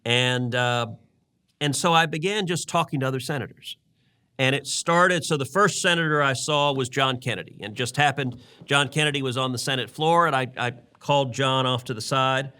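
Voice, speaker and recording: A man's voice: medium pitch, moderate pace, sharp tone, clear, resonant tone. A man co-hosting a political podcast, telling a long story in an earnest way and often repeating words as he builds his point. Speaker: podcast co-host, senator. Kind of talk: casual political talk.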